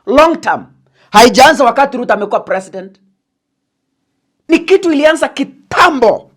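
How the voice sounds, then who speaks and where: A woman with a Kenyan accent giving a political analysis monologue, deliberate and emphatic, slipping into Swahili phrases. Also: sits high, expressive. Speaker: political commentator.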